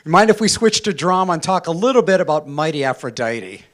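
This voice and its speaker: A man moderating a panel who sounds curious and conversational. His voice sits somewhat high for a man. He asks his questions in a plain, relaxed way. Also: fairly quick. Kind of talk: interview questions.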